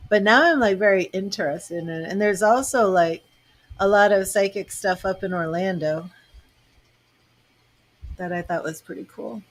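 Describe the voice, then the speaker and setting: Speaking at normal speed with a medium pitch, a middle-aged woman from Boston, Massachusetts leaves long pauses as she chats with her livestream viewers. She's a tarot reader and psychic host. Her manner is talkative and rambling, full of laughter.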